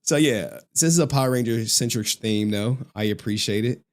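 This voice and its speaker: Male streamer, casual and animated, heavy slang and swearing. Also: mid-range voice, moderate pace. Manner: animated, profane, slangy storytelling. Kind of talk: casual livestream chat.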